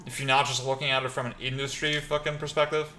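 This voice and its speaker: A man rambles casually while he plays, stacking fillers and breaking into excited outbursts. His voice sits mid-pitch and bounces around a roomy, echoing space. Clear background noise runs underneath. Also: fast. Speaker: streamer. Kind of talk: casual chat while gaming. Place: new apartment. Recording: roomy, noisy.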